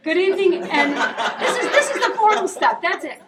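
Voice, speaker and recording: A woman's voice: extremely high pitch, very animated, moderate pace. A woman in her fifties from upstate New York gives a keynote speech in a chatty, joking way, laughing often. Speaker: keynote speaker. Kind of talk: after-dinner keynote speech. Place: conference hall. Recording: distant mic with faint noise.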